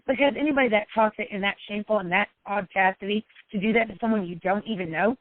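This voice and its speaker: A woman life coach speaks personally to her followers, talking fast in an emotional, repetitive way and sometimes crying out high. The audio is narrow and tinny, with no room sound.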